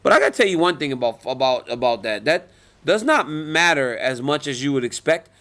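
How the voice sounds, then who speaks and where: A man's voice: medium pitch, brisk. A man in his forties, an MMA fighter, answering reporters in a casual media interview, telling stories with lots of laughter. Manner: animated storytelling, laughs often.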